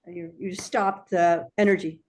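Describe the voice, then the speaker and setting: A woman's voice: on the low side, fairly even intonation, unhurried. A woman student on a video call, tentatively offering an idea in class.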